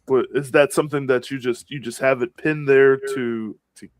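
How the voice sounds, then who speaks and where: A man playing a tabletop game in character, talking haltingly and searching for words. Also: mid-range voice, fairly even intonation, no echo. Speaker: player.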